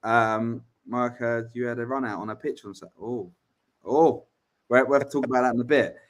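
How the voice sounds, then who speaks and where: Blunt, sweary bloke. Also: male voice, medium pitch, fairly even intonation, fairly quick. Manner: blunt, swears freely, repeats words. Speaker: podcast co-host. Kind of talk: casual football chat.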